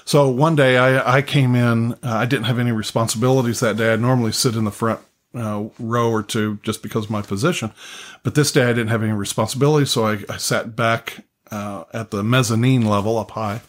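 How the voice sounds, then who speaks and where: An older man delivers a sermon as a story told in earnest. His voice sits at a middle pitch, and he often stops and restarts or repeats a phrase as he goes. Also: steady tone, fairly quick. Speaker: pastor.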